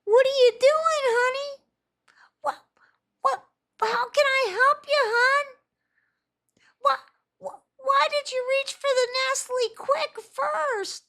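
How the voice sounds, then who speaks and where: A cooing young mother with a sugary, babyish voice pitched very high. She asks one soft sing-song question after another. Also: fairly even intonation, slow, long pauses, exaggerated voice.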